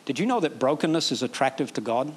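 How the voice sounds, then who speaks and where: A pastor preaching a sermon, animated, acting out quoted prayers in a raised voice. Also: male voice, mid-range voice, fast, a little hiss or hum.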